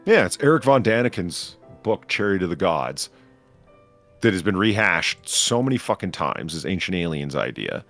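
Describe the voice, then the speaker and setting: Podcast co-host, male, very low gravelly voice, sarcastic and profane, faint music underneath. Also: very animated, moderate pace, a bit bright. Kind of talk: casual chat reviewing a film.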